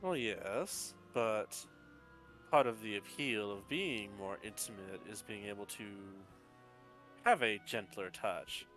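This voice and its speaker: A man voicing a calm male mentor who gives advice in a gently teasing way. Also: on the low side, takes it slowly, soft background music. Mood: advising.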